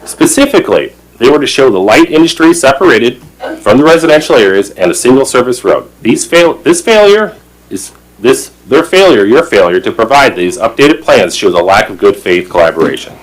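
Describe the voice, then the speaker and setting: At a public meeting, a man on a town plan commission reads a prepared statement in a medium-pitched, very animated voice at a brisk pace. His tone is formal and emphatic, he occasionally stumbles over words, and the audio quality is poor.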